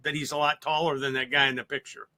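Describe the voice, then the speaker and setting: A co-host on a live webinar who chimes in to add points and reads viewers' questions aloud. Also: female voice, a bass voice, little pitch movement, fast talker, pushed and bright.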